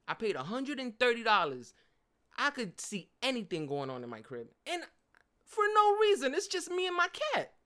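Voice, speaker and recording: A young woman, hosting her podcast in casual solo commentary, animated and dry-humored, laughing often. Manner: animated, swinging from low mutters to loud outbursts. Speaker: podcast host.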